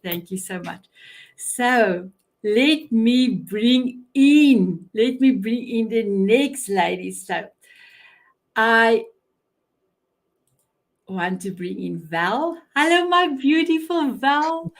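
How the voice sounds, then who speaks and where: A middle-aged woman from South Africa hosts a live show online through a video call, her mid-range voice stretching out words between long pauses. She comes across as effusive, repeating herself and often beginning again.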